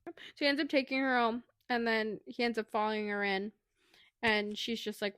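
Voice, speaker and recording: A woman's voice: a little high, little pitch movement, fairly quick, fairly bright tone, smooth, no echo, clean studio sound. A young woman co-hosting a podcast, casually retelling a book's plot with lots of fillers. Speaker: podcast co-host. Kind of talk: casual book review chat.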